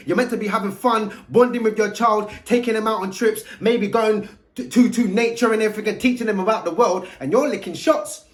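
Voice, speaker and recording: A man, a youth mentor giving a blunt, preachy monologue full of street slang. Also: sits high. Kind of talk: direct-to-camera monologue.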